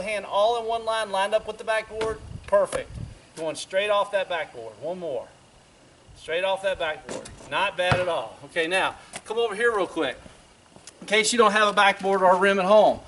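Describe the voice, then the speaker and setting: A man with a notably high voice coaches basketball shooting drills outside, calling short, upbeat cues as his player shoots. A faint hiss of outdoor noise sits under his voice. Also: fairly bright tone. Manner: encouraging coaching patter with quick cues. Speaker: parks and recreation director coaching basketball.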